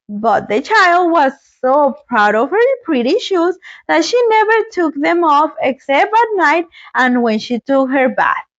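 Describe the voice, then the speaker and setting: Woman host, storybook reader; high and lively, playful asides, dry lo-fi sound. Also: no room sound. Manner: animated, playful commentary. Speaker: host reading a story aloud. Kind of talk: expressive storybook reading with commentary.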